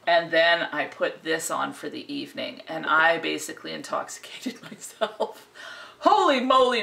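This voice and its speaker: A woman's voice: deep voice, vocal fry, sharp tone. A woman giving a casual, chatty, enthusiastic perfume review that rambles. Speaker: fragrance reviewer.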